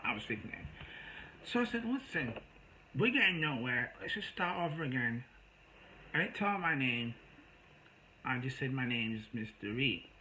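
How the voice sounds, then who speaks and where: A man's voice: medium pitch, bright, forceful tone, a little hiss or hum, rough recording. A man telling a rambling, exasperated story in a casual monologue to his viewers. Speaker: storyteller vlogger.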